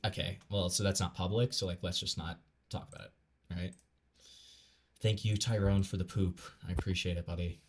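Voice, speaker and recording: A man's voice: low-pitched, level tone, moderate pace. A man streaming a casual reaction, rambling with lots of fillers and stammered restarts, blunt and profane. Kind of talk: casual live reaction commentary.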